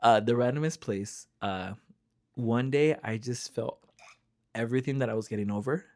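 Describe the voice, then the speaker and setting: A man hosting a casual podcast chat, telling stories in an animated, slangy way. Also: medium pitch, normal speed.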